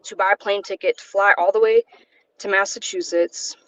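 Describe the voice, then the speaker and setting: A woman from South Carolina speaking from her car over a call, halting and close to tears, with nervous laughs between her words. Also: medium pitch, fairly even intonation, dull audio. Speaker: guest. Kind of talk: emotional personal testimony.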